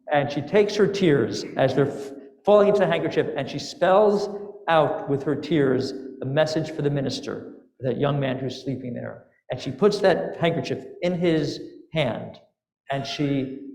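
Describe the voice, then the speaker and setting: A rabbi telling a fairy tale during a holiday sermon, playful and lively, with asides to the congregation. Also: male voice, on the high side. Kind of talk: sermon storytelling. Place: synagogue sanctuary. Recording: echoey sanctuary with long reverb.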